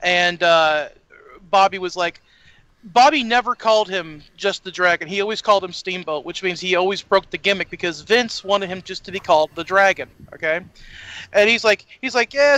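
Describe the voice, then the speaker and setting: A man co-hosting a casual wrestling talk podcast, excitable, stumbling over words and swearing freely. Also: sits high, normal speed, clean tone, no echo. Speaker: podcast co-host.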